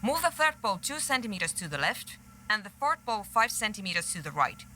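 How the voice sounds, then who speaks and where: A woman's voice: medium pitch, big pitch swings, brisk, bright, forceful tone, slight background noise. Woman voicing a curt, clever programmer. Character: brisk, clever young female programmer. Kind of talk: reading game dialogue aloud.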